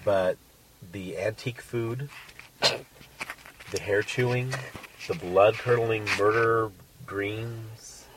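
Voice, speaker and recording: Low-voiced man telling a crude story. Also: very slow, pauses often, far from the mic, noisy background. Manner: crude, animated, acts out quotes. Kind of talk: casual storytelling chat.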